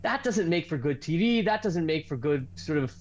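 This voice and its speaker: A man's voice: on the high side, expressive, moderate pace. Earnest male academic on a dull line. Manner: earnest, argumentative. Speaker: guest academic. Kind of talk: studio interview.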